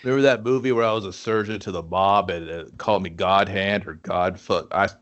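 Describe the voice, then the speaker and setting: A man's voice: sits low, fairly even intonation, brisk, a bit bright, dull audio. A man co-hosting a movie podcast, riffing crude jokes and bits in casual chat. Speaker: podcast co-host.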